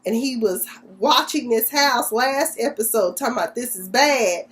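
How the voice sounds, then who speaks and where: A woman's voice: a little high, moderate pace, a bit bright. A woman giving a casual, slangy recap of a TV episode, full of sassy asides. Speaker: TV recap vlogger.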